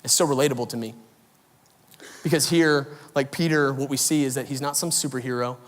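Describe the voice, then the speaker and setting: A man's voice: mid-range voice, brisk. Male pastor preaching in a reverberant hall. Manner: animated storytelling, voices swing loud and soft. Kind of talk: sermon. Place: large church auditorium.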